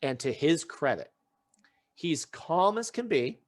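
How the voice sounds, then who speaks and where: Animated man with a lively, swooping voice. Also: fairly high pitch, slow. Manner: animated storytelling, acting out quotes; frequent restarts while recounting. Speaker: podcast host. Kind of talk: casual chat.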